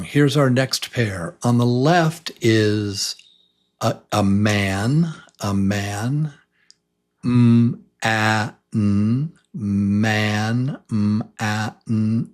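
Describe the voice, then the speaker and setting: With a voice on the low side, a man leads an eager beginner English class, saying words slowly and repeatedly so learners can join in.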